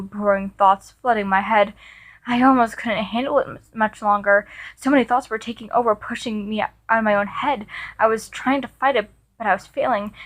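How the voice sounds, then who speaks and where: A woman's voice: on the high side, fairly bright tone. A woman reading first-person fan fiction aloud in an earnest way, with small restarts. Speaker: story reader.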